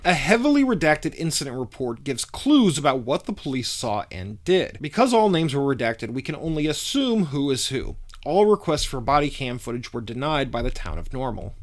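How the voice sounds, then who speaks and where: A man reading a scripted news report in a measured, formal way. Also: on the high side. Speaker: reporter narrating a news story.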